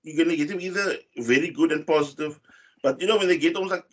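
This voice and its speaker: Male co-host, casual match recap, filler-heavy, slightly raised pitch. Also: fast talker, husky. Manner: rambling, many fillers and restarts. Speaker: football podcast co-host. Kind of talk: casual football chat.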